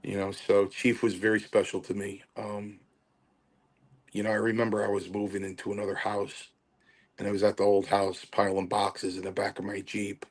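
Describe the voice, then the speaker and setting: Middle-aged male guest, lowish voice, animated storyteller who acts out the voices of others. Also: moderate pace. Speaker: podcast guest. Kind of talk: storytelling interview.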